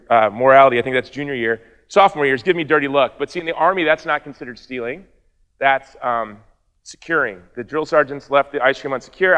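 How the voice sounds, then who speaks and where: A man's voice: mid-range voice, a bit bright, long reverb tail. Earnest man telling his story. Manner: earnest storytelling, wry asides. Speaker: speaker. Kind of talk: personal testimony speech.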